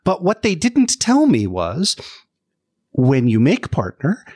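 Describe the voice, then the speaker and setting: A man who works as a lawyer for podcasts, a guest telling stories in an animated, self-deprecating way. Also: a little high, slow, slightly rough. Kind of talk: casual conversation.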